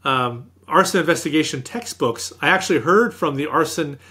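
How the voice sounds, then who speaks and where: A man as a guest author in an interview, telling anecdotes in a lively, self-deprecating way. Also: on the high side, moderate pace, breathy edge. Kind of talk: storytelling in an interview.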